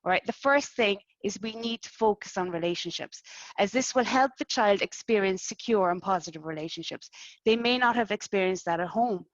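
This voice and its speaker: A woman presenting a webinar, explaining in a steady, list-like way. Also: mid-range voice, a little fast, no room sound. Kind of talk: structured webinar talk. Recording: dry, dull lo-fi mic.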